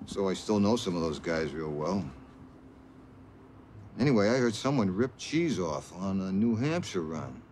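A pushy sarcastic cop, lively low voice, faint background, film interrogation. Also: male voice, unhurried, a little hiss or hum. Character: tough male police detective, needling.

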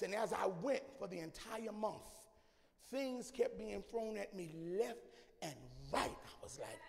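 A man preaching a sermon, moving between shouted sing-song delivery and quieter storytelling. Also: high voice, animated, a little slow, creaky. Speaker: church elder preaching. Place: church sanctuary. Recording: live church sound with long reverb and faint music.

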